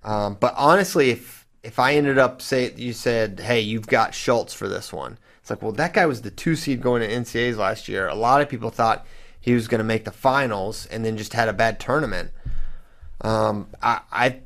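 A man hosting a casual sports talk show, joking and animated, sometimes trailing off into fillers. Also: medium pitch, normal speed. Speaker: wrestling podcast host.

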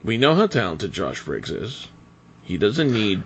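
A man co-hosting a podcast in casual chat, animated and laughing often. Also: on the low side, a little slow, slightly rough, lo-fi sound. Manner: animated, laughs often, quotes others in mock voices. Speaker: podcast co-host.

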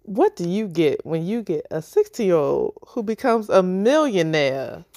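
A woman's voice: lowish voice, very animated, unhurried, warm tone, soft background music. A woman co-hosting a true-crime podcast, telling the story in a casual, chatty way. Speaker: podcast co-host.

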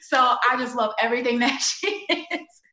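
A woman telling stories in a casual interview, animated and often laughing. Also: fairly high pitch, normal speed, roomy sound, a little hiss or hum. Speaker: interview guest, former wrestler. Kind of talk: casual storytelling.

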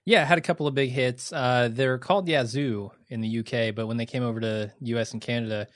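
A man's voice: mid-range voice, fairly even intonation, fairly quick, dry recording. A man from the Midwest talks through a TV episode with a co-host in an easygoing, profane way, often laughing. His voice sits in a middle register and the sound is dry and close, with no room around it. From American Midwest. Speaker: podcast co-host. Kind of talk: casual TV recap chat.

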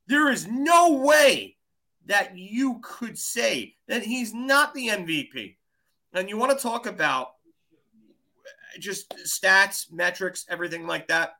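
Excitable high-voiced man arguing hockey. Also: measured pace. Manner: emphatic, excitable, argues hard. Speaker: podcast co-host. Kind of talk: casual hockey chat.

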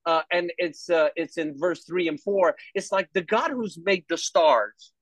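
A man speaking as an interview guest about his faith, talking in an animated, rambling way with many restarts. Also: fairly high pitch, measured pace, dry recording. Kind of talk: faith testimony in conversation.

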